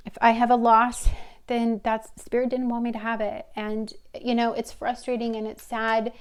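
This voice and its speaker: A woman's voice: a little high, little pitch movement, moderate pace, clear, resonant tone. A woman giving a pick-a-card tarot reading to her viewers, talking in a hesitant, searching, heartfelt way. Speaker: tarot reader.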